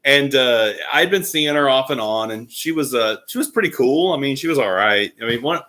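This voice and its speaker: Male vlogger with a lively, bright voice for a casual story to camera. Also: mid-range voice, normal speed. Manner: animated, with frequent fillers.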